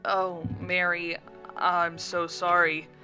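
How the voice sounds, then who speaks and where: A woman's voice: lowish voice, little pitch movement, slow pace, pushed and bright, faint music behind. A woman voicing a friendly young man who speaks earnestly and gets a bit flustered. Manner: earnest, slightly flustered delivery.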